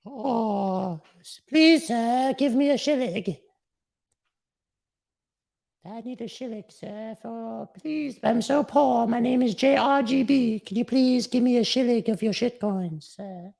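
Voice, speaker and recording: A man putting on a high, whiny voice as a poor old-time English beggar pleading for a coin. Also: takes it slowly, creaky, darkish tone, exaggerated voice. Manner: whiny begging falsetto.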